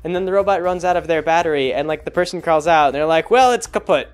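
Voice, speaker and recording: Young man, casual chat, blog host, rambling, hesitant, somewhat high-pitched, soft music behind. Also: steady tone, fast, smooth. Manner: rambling, hesitant, many fillers and restarts. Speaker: blog host reviewing a show.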